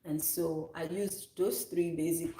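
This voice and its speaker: A woman's voice: low-pitched, fairly even intonation, measured pace, dark tone. Chatty, rambling woman in her thirties. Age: 30s. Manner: chatty, rambling, self-correcting. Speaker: soap maker, channel host. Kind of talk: casual chat. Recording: echoey room.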